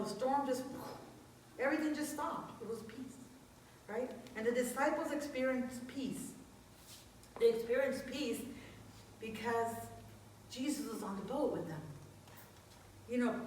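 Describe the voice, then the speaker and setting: A woman's voice: fairly high pitch, far from the mic, slight background noise. Woman preaching in an echoey church. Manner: chatty and earnest, with many fillers and restarts. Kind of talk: conversational sermon. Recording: echoey church hall from afar.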